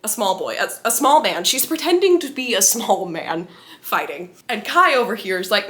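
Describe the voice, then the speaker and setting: A young woman, a book vlogger, walks through a book's plot in a casual spoiler review. Her voice is medium-pitched and her speed normal, and she's animated, laughing often and reacting with big, exaggerated disbelief.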